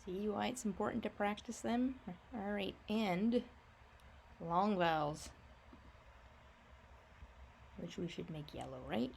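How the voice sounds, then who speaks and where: A woman teaching a first grade phonics lesson, patiently explaining and slowly sounding out each word for young children. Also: mid-range voice, creaky, slight background noise. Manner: slow, drawn-out sounding out of words.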